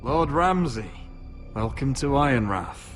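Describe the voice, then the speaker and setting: An actor playing an earnest, wary young lord speaking formally, in a video game. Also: male voice, medium pitch, lively intonation, measured pace, fairly bright tone. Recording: reverberant mix over game music.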